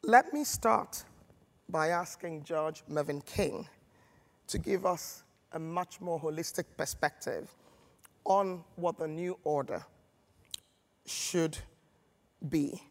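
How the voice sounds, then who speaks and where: A man's voice: a little high, slow pace, pauses often. A man moderating a conference, formally reading out a speaker's credentials. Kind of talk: formal introduction. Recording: long hall reverb.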